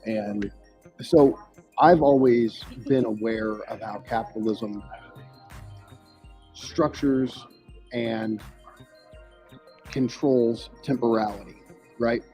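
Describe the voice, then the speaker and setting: Earnest man with a mellow voice. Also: mid-range voice, fairly even intonation, slow, long pauses, soft background music, poor audio. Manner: earnest, reflective, explains ideas at length. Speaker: podcast guest. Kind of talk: casual discussion.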